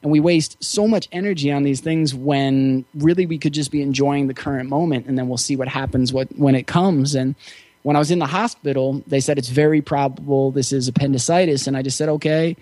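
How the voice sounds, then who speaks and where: A man as an interview guest, telling a personal story in a relaxed, reflective way with frequent fillers. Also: medium pitch, a little fast, no echo. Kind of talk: casual storytelling.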